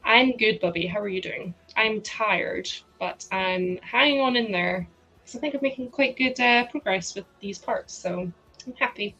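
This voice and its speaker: Woman rambling away on a live stream, mid pitch, lots of likes. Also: moderate pace, bright, forceful tone, muffled recording, faint music behind. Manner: chatty, rambling, many "like" fillers, frequent laughs. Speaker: livestream host. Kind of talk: casual chat to a live chat while sorting.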